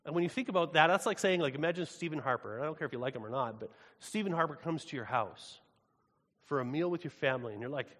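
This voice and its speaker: Casual preacher in reverberant hall. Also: male voice, a little high, quick pace. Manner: casual, animated, conversational preaching. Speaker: pastor. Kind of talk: sermon.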